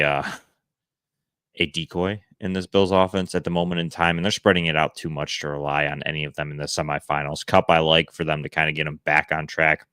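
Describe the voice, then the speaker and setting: A man with a very deep, low voice talks casually through viewer questions, giving quick start-or-sit verdicts between easy fillers. The sound is dry and close, like a small room at home. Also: bright, forceful tone, no echo. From Buffalo area. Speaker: fantasy football show host. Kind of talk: casual live advice show, answering viewer questions. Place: home room he calls Santa's workshop.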